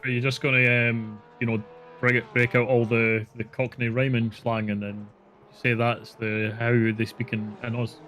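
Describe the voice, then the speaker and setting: A man's voice: mid-range voice, level tone, moderate pace, fairly bright tone, slight background noise. A man co-commentating a sim race, making dry, teasing quips. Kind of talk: casual commentary banter.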